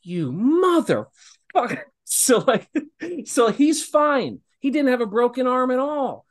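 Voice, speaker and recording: A wrestling guest in his thirties tells stories casually, laughing a lot and acting out quotes with animation. His voice is very high and he speaks a little slowly.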